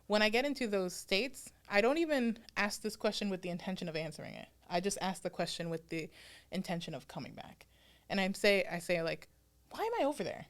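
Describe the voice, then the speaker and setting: A woman's voice: mid-range voice, a little fast. A woman co-hosting a podcast in casual chat, thinking aloud in a reflective way with lots of filler words. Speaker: podcast co-host.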